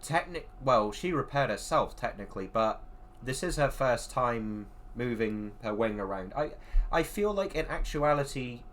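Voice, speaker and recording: A man's voice: medium pitch, animated, normal speed, fairly bright tone, a little hiss or hum. An English man judging art contest entries, chatting casually and jokingly on an online voice call. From England. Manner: rambling and jokey, frequent laughs. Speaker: contest judge.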